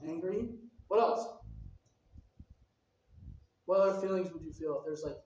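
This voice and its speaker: A man's voice: high-pitched, measured pace, long pauses, a little mellow, a little hiss or hum. A man preaching a sermon in a conversational way, asking his listeners questions. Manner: conversational, asks the audience questions. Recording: very echoey hall, mic at a distance.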